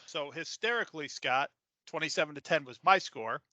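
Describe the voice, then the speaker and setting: A man's voice: a little high, normal speed, pushed and bright, no room sound. A man co-hosting a casual sports podcast, emphatic and repeating words as he gets worked up. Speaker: podcast co-host.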